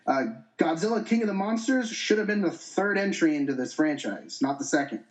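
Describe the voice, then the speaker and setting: A man with a high-pitched voice co-hosts a casual podcast chat. He talks hesitantly, restarting his sentences often as he works through his views. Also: brisk. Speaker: podcast co-host.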